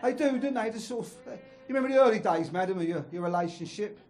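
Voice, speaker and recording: A man with a London accent doing a stand-up set on a comedy club stage. He teases the audience and lands crude punchlines. His voice sits fairly high, and the live room is noisy. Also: expressive, fast talker, darkish tone. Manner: chatty, crowd-teasing, crude punchlines.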